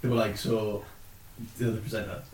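A man's voice: mid-range voice, expressive, fairly quick, bright, forceful tone, echoey room. A man co-hosting a casual football podcast, animatedly retelling TV clips and laughing often. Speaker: podcast co-host.

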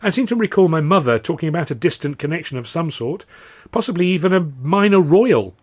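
A man's voice: fairly high pitch, animated, brisk, a little mellow, voice pushed up. A man playing a breezy, self-assured young comedian who talks in an airy, flamboyant, declamatory way.

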